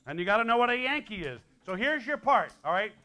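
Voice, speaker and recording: Bright, forceful and high-pitched, this man's sing-song delivery carries his playful stage patter to a live school audience. He's a folk musician from Connecticut in his sixties, visiting as a guest performer and teasing the crowd with quick asides.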